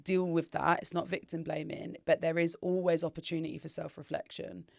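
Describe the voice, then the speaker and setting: A woman's voice: low-pitched, flat delivery, brisk, gravelly, a little mellow, dry recording, studio quality. A woman in her thirties, co-hosting a podcast, giving advice in casual, reflective chat. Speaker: podcast co-host.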